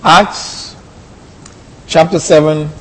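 A man teaching a Bible lesson, deliberate and repeating key phrases. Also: on the high side, steady tone, husky. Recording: long hall reverb.

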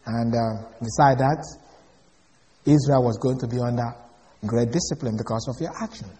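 A man's voice: mid-range voice, normal speed, mellow. A man preaching a sermon in an emphatic way, often putting questions to his listeners. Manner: emphatic, asks the audience questions. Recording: echoey hall.

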